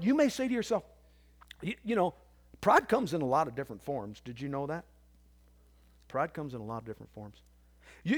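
A male pastor preaches a sermon from the pulpit in a high voice that swings wildly, dropping to near murmurs before leaping into loud, squawking parrot imitations. His delivery is loose and conversational, full of restarts and calls to the congregation.

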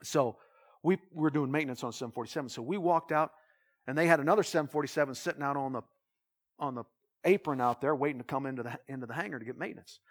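A man's voice: mid-range voice, quick pace. A man, a pastor, telling a personal story in a sermon, acting out dialogue with lots of restarts. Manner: animated retelling with quoted dialogue, restarts.

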